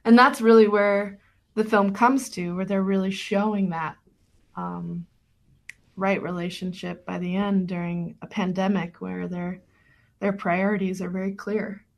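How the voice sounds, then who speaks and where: A woman documentary filmmaker being interviewed on radio, talking thoughtfully with many fillers and restarts. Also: mid-range voice.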